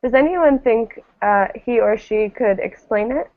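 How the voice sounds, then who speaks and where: A woman teaching an online English class, explaining things patiently and pausing with frequent ums. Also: on the high side. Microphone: video call. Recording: tinny phone-like call audio, dry.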